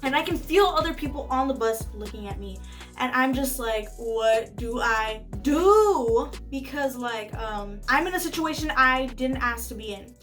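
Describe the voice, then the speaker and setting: A young woman with a fairly high voice tells a storytime, leaning on "like" and stressing words as she retells what happened. She sits a little back from the phone mic, with soft music running under her talk. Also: expressive, normal speed, far from the mic. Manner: chatty, fillers of "like", emphatic retelling. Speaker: storyteller vlogger. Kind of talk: casual storytime. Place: indoors at home. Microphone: phone camera.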